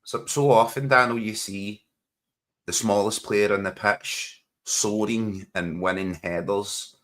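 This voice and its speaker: A man's voice: fairly low pitch, fairly even intonation, slow, a bit bright. A man, co-hosting a casual podcast chat while watching a football match, joking and laughing often. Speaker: podcast co-host.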